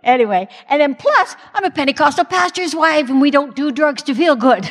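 A woman's voice: high-pitched, expressive, moderate pace. A middle-aged woman, a pastor's wife, candidly telling a church congregation her own story with self-mocking humor. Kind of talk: personal testimony talk. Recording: long hall reverb.

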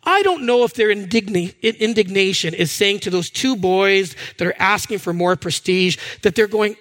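A man preaching a sermon, animated and conversational, acting out the voices of people he quotes. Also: high-pitched, moderate pace, few pauses. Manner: animated, acts out quoted voices, restarts words. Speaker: pastor. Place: church hall with a screen.

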